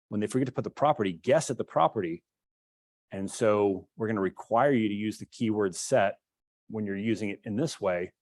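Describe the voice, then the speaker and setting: A man's voice: mid-range voice, a little mellow, no echo. A male instructor giving a classroom lecture, explaining step by step while demonstrating code and thinking aloud.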